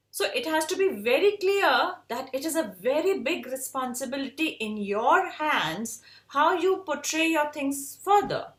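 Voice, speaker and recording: A woman's voice: high-pitched, fairly bright tone, reverberant. A woman with an Indian English accent giving an earnest, emphatic motivational talk to design students as an educator.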